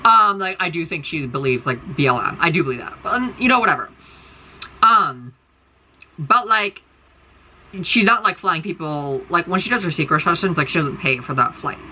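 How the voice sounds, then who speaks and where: A woman's voice: low-pitched, expressive, moderate pace, sharp tone, a little hiss or hum, rough recording. A woman from the United States in a casual, rambling monologue to her followers, blunt and profane, full of fillers, talking into her phone indoors. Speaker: content creator.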